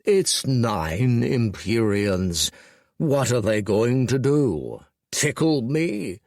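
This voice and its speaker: A man's voice: medium pitch, big pitch swings, drawn-out words, darkish tone, dry recording, studio quality, full character voice. A man voicing a lazy, smug male dragon lord who drawls his lines with condescension. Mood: drawling, smug.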